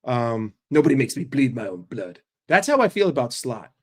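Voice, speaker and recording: A man's voice: medium pitch, big pitch swings, normal speed, a little mellow, husky. A man from New York ranting casually and profanely on a live stream, rambling between jokes and opinions. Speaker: football fan streamer.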